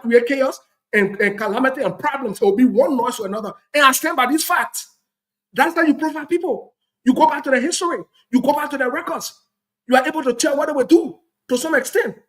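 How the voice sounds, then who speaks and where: A man's voice: very high voice, low-quality recording. A man with a Liberian English accent hosting a talk show, giving heated political commentary in an emphatic, repetitive, lecturing way.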